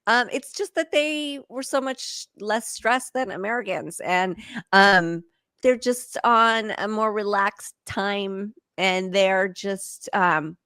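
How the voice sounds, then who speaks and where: Podcast co-host, young adult woman, mid-pitched voice, blunt and candid, dry close mic. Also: slow pace, fairly bright tone, smooth, no room sound. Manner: candid, blunt, laughs often. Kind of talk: casual chat.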